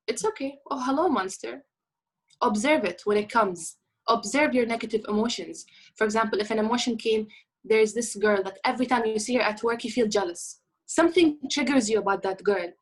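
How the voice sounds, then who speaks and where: A woman's voice: a little high, poor audio. A woman giving a talk on healing, speaking earnestly and mixing in Arabic words as she acts out small dialogues. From Arab world. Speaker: motivational speaker.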